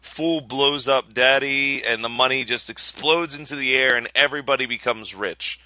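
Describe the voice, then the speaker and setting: Hoarse man with a bright voice. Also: mid-range voice, normal speed, dry recording. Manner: laughs often, rambling. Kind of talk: casual movie discussion.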